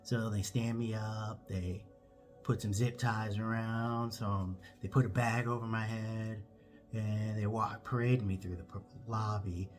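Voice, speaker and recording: A man telling a comic story, animated and acting out every character. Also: on the low side, unhurried, faint music behind. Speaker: comedian.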